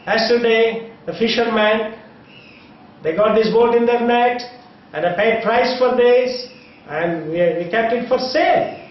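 A man's voice: extremely high pitch, unhurried, pitched above the performer's own voice. A man doing a matter-of-fact shopkeeper. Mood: explaining. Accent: Indian. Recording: echoey, distant, dull.

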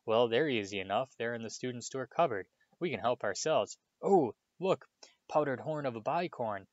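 A man's voice: medium pitch, animated, moderate pace, no echo, highs cut off, close to an everyday voice. A man voicing an eager, nervous, bookish young schoolgirl witch who stammers a little.

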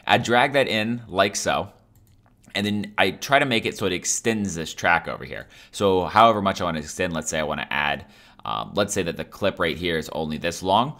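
Deep-voiced dude walking thru a software tutorial, chill and upbeat. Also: male voice, expressive, normal speed. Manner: casual, upbeat step-by-step explaining. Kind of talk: screen-recorded software tutorial.

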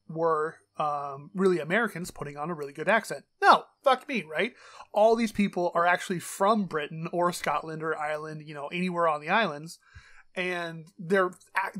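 A man co-hosting a casual podcast, rambling through a film recap with plenty of fillers and the odd curse. His voice sits a bit high and he gets animated as he talks. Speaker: podcast co-host. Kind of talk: casual chat.

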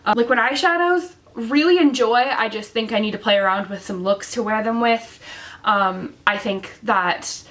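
Speaking at a normal speed, a young woman reviews makeup casually while facing the camera as a beauty vlogger. Her slightly high, fairly bright voice comes across worn and sick. The talk is chatty and packed with fillers like um and like.

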